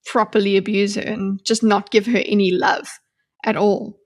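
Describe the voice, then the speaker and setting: A woman co-hosting a book-club podcast, talking earnestly and thinking out loud with many restarts. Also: medium pitch, flat delivery, moderate pace. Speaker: podcast co-host. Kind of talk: casual book-club chat.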